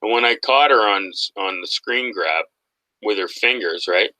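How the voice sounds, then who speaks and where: A man hosting a casual online talk show, animated and mocking, laughing often as he goes. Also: lowish voice, normal speed, dry recording, poor audio. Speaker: podcast host. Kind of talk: casual conspiracy talk chat.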